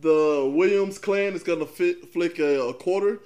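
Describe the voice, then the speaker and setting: A man's voice: high-pitched, moderate pace, a little mellow. A man hosting a casual podcast, easygoing and joking with his co-host.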